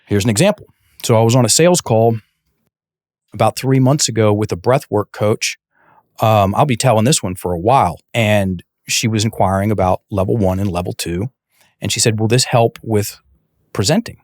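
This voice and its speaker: A man's voice: fairly low pitch, moderate pace, no echo. A man talks through a coaching story on a podcast, voice lifting and dropping as he acts out both sides of the dialogue. He often stops and restarts his sentences. The sound is dry and close to the mic. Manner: animated, many restarts, acts out quoted dialogue. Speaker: guest, breathwork and mindset coach. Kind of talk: casual conversational storytelling.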